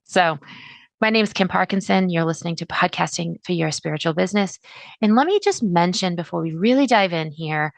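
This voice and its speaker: A middle-aged woman hosting a solo podcast, chatty and animated, acting out her listeners' words. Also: lowish voice, a little fast, vocal fry, no room sound. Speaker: podcast host.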